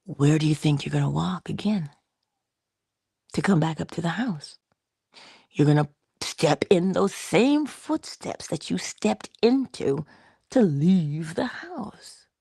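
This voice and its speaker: Low husky woman giving motivational talk. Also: no room sound, clean studio sound. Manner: coaching, conversational, shifts into soft whispers for emphasis. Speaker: inspirational speaker.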